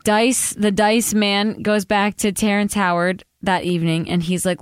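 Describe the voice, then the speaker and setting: A woman's voice: medium pitch, level tone, a little slow, smooth, dry recording. Laid-back female podcast co-host recapping. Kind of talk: casual movie-recap chat.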